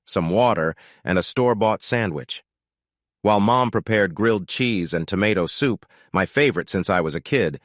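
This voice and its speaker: Deep-voiced male story narrator. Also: a bit bright, no echo, clean studio sound. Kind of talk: scripted first-person story narration.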